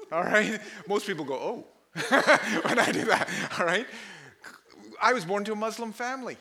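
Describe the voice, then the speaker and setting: Animated, bright-voiced male pastor preaching. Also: sits high, normal speed. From Pakistan. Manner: animated storyteller, laughs often, mimics voices. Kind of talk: sermon with personal stories.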